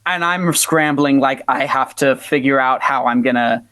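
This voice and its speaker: An American man, a folk-punk musician, tells an animated story in a casual interview, peppering it with filler words and acting out the voices of others. His voice sits at a middling pitch and sounds dry and close. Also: normal speed, clean tone, no room sound. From United States. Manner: animated storyteller, acts out quotes, many fillers like "like".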